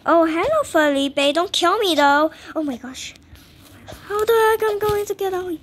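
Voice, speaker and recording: With a very high, animated voice, a gamer delivers casual, unhurried commentary on a horror escape game, nervous and dramatic, whispering one moment and squealing the next. A faint hiss or hum runs through the recording.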